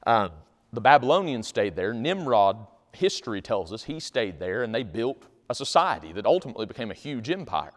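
Folksy preacher in a reverberant hall. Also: male voice, mid-range voice, sing-song, brisk. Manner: folksy, conversational, acts out little scenes. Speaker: pastor. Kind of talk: sermon.

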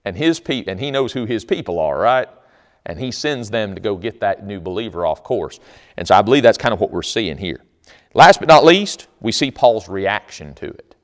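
A man's voice: fairly low pitch, lively intonation, normal speed. A man preaching a sermon, telling stories in an emphatic, conversational way. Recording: long hall reverb.

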